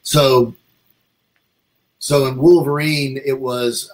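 A man's voice: mid-range voice, takes it slowly, long pauses, poor audio. A man telling a long, rambling story in a casual interview, acting out what other people said to him. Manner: rambling, animated, acts out quoted dialogue. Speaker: comic artist guest.

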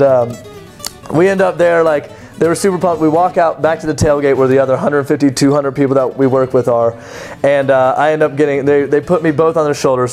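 A young man casually telling a personal story, animated and chatty, full of "like" and laughing at himself. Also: fairly high pitch. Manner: animated, chatty, many "like" fillers, laughs at his own story.

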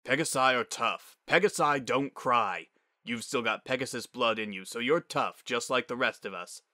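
A man's voice: medium pitch, normal speed, no room sound, studio quality, close to an everyday voice. A man doing a proud pegasus dad. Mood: fatherly encouraging. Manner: warm, fatherly and encouraging. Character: playful, proud middle-aged pegasus father.

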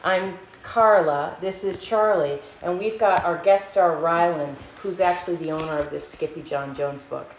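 A woman hosting a livestream, reading a children's picture book with an animated, sing-song manner. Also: lowish voice, normal speed, few pauses, roomy sound, slight background noise. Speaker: host.

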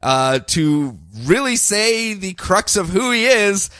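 A man co-hosting a podcast who recaps a comic in loose, playful, chatty storytelling. His voice sits slightly high. The sound is dry and close, with no room around it. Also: very animated, takes it slowly, bright, forceful tone, clean tone, no echo. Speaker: podcast co-host. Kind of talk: casual comic book recap.

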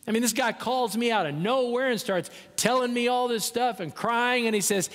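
A male pastor preaching a sermon, telling a story and swinging from soft, slow passages to emphatic ones. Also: high-pitched, expressive. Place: large church sanctuary. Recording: church sanctuary with long reverb.

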